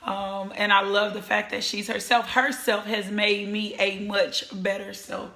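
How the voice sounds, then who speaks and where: A woman's voice: mid-range voice, level tone, unhurried, bright, forceful tone, roomy sound. A woman hosting a casual live-streamed talk show, effusively greeting viewers by name. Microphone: webcam or phone camera.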